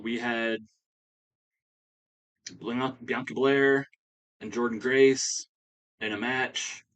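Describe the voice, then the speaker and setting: A man voicing a stern female wrestling official, talking in a businesslike, measured way. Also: fairly low pitch, a bit bright.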